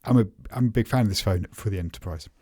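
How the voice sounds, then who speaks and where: A man's voice: fairly low pitch, fast, a little mellow, no echo, studio quality. A man co-hosting a casual tech podcast, chatty and prone to restarting his sentences. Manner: chatty, repeats and restarts words. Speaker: podcast co-host.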